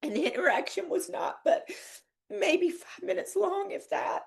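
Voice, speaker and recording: With a very high, gravelly voice that swings widely in pitch, a woman hosting a podcast shares a personal story at a moderate pace. It's a heartfelt, teary monologue, broken by laughter and tears.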